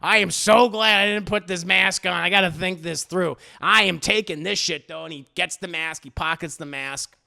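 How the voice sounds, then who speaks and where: A man giving a casual scene-by-scene recap to his live chat, in an animated, profane, laughing style. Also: sits high, normal speed, gravelly, hardly any pauses. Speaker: TV reviewer streamer.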